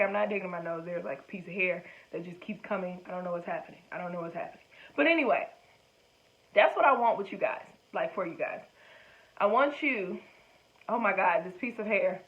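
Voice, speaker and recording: A woman's voice: lowish voice, brisk, highs cut off. A woman vlogger talking casually to her viewers, chatty and encouraging, with slangy asides. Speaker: vlogger giving dating advice. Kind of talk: casual direct-to-camera talk.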